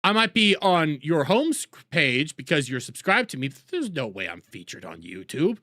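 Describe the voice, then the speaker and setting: A young man streaming live, reacting to clips and reading chat, excitable, mocking and profane. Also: on the high side, normal speed, no room sound, studio quality.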